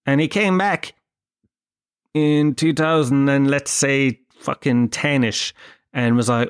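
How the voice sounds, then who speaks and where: A man's voice: medium pitch, fairly even intonation, slow, clear, resonant tone. An Irish man hosting a podcast, telling a rambling comic story full of swearing and self-mockery. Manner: profane, self-mocking storyteller. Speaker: podcast host.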